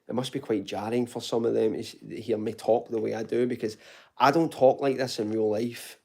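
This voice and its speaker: Speaking from home, a Glasgow man with a warm, dark voice runs a loose live Q&A for his fitness channel, answering the chat. His Glaswegian Scottish accent is toned down but still obvious, and he keeps things informal with "mate," "buddy," and the occasional swear. His voice sits mid-range, holds a steady tone, and moves fairly quickly.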